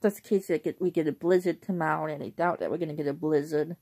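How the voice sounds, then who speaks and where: A young woman vlogging in a casual, rambling way, who often clears her throat. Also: low voice, fairly even intonation, fast, mellow. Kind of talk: casual chat.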